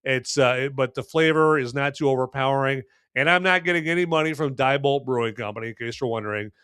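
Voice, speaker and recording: A man's voice: medium pitch, fast, fairly bright tone, smooth, no room sound, studio quality. A man hosting a live podcast, reviewing a beer in a rambling, folksy way with many fillers and restarts. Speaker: podcast host.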